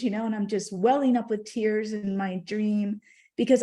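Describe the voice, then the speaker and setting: A middle-aged woman tells a personal story as a podcast guest, with a heartfelt, spiritual warmth in her words. Her voice sits at an ordinary middle pitch, and she talks in an animated, conversational way. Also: moderate pace.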